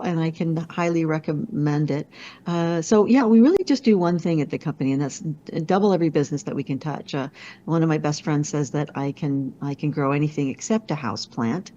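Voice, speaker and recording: Low-pitched woman consultant, animated storyteller with self-deprecating asides, heard through dull lo-fi video call audio. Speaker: business consultant and speaker. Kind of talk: conversational storytelling interview.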